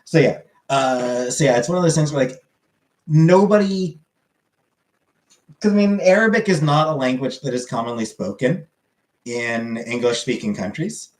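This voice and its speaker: A man's voice: mid-range voice, a little mellow. Rambling man in an echoey room. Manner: rambling, halting with many fillers. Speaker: streamer. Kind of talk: casual chat reading viewer comments.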